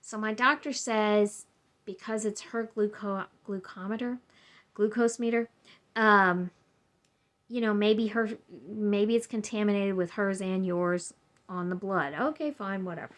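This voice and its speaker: A woman speaking at a measured pace, medium pitch, and fairly even intonation tells a personal story to her camera at home. The vlogger is chatty and rambling, imitating the people she quotes.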